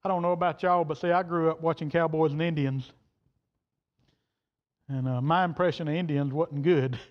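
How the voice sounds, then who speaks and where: A man's voice: on the high side, steady tone, normal speed. A man preaching a sermon, telling a story in a folksy, plain-spoken way and quoting the people in it. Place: church sanctuary. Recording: dull reverberant church hall audio.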